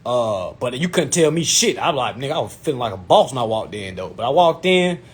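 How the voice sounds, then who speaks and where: A young man telling a profane, animated story in a casual vlog, full of "you know what I'm saying". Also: medium pitch, a little fast, husky. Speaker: vlogger giving consumer-credit advice.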